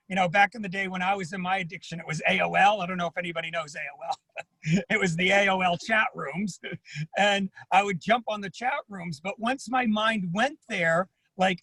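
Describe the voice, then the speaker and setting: A man with a high, husky voice talks earnestly and personally as an addiction therapist at an online panel. He tends to repeat words as he speaks. His sound is dry and close, with no room around it. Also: a bit bright, no echo, rough recording. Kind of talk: panel talk at an online symposium.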